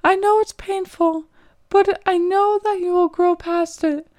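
Woman doing a breezy high-voiced mystical guide. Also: steady tone, a little slow, a little mellow. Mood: encouraging. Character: cheerful female guide who is mysterious and encouraging.

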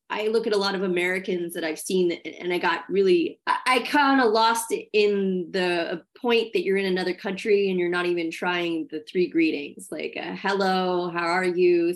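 A woman's voice: lowish voice, moderate pace, hardly any pauses. A woman hosting a podcast, chatting in a reflective, easygoing way and laughing easily. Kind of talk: casual podcast conversation.

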